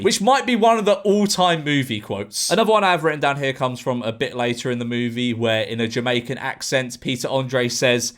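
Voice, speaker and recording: A man's voice: medium pitch, a little fast, few pauses, fairly bright tone. A young man giving a sarcastic, swearing comedic commentary on a film, laughing often. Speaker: YouTuber reviewing a film.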